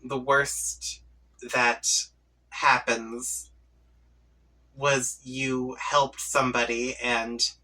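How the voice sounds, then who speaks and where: Reading a webcomic aloud with reactions for his comic channel, this man goes at an unhurried, playful pace and does voices for the characters' chat messages. His mid-range voice is bright and forceful but barely shifts in pitch. He's far from the mic, and the audio is poor.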